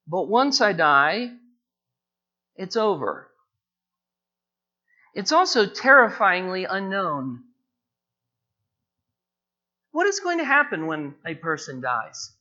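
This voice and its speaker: Bright-voiced male preacher, emphatic and deliberate. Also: sing-song. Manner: repeats phrases, slows down and rises in pitch for emphasis. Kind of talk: expository sermon. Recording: dull lo-fi recording.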